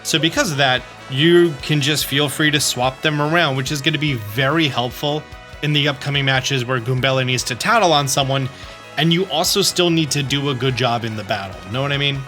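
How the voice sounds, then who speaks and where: A man's voice: mid-range voice, fairly quick, pushed and bright, soft background music. A man giving chatty, upbeat walkthrough commentary at home, often reading game text aloud. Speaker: gaming YouTuber.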